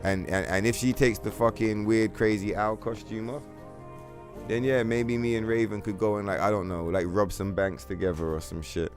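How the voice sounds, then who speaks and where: A man's voice: lowish voice, fairly even intonation, moderate pace, faint music behind. A man streaming a game, rambling in a casual, profane, slang-heavy way. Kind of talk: casual livestream chat.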